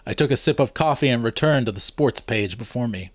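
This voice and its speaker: A man narrating a first-person novel aloud in a wry, expressive storytelling manner. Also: medium pitch, brisk, hardly any pauses, no room sound, studio quality. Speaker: reader.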